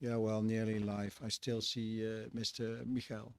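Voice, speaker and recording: A man's voice: fairly low pitch, level tone, measured pace, a little mellow, smooth. Hesitant male teacher. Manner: hesitant, many fillers, searches for words. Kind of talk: ceremony address.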